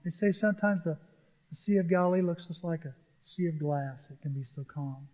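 A man preaching a sermon as pastor, swinging between loud declarations and quiet asides. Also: a little high, fairly even intonation, a little fast. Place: church sanctuary. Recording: dull echoey sanctuary sound.

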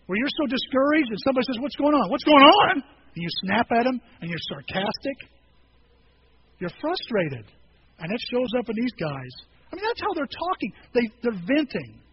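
A man preaching a sermon in a casual, animated way, acting out scripture scenes in quoted voices. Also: sits high. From rural farm upbringing. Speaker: pastor. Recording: slightly dull recording with faint noise.

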